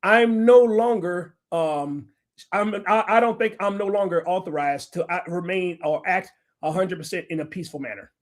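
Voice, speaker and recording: A man doing a quick impression of a male president who halts and stumbles over his words. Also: sits high, natural voice. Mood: rambling. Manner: halting, stumbling.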